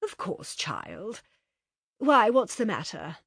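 A woman reading a story aloud, voicing a genteel middle-aged mother whose drawn-out, indulgent talk turns coldly firm. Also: medium pitch, wildly swooping pitch, vocal fry, breathy edge, no echo, studio quality, pitched above the performer's own voice, exaggerated voice.

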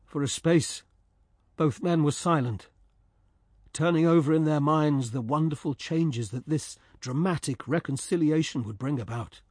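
Husky slow-reading man. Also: fairly high pitch, a little mellow, no echo, clean studio sound. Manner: slow, measured storytelling. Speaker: narrator. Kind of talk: dramatic story reading.

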